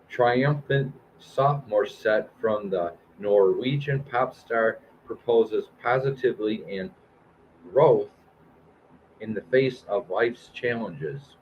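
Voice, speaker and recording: A man's voice: fairly low pitch, slow pace, lo-fi sound, slight background noise. A man in his fifties hosting a live-stream show, reading new album reviews aloud with plenty of "uh" and "um" and restarts. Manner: reads album blurbs aloud with fillers and restarts.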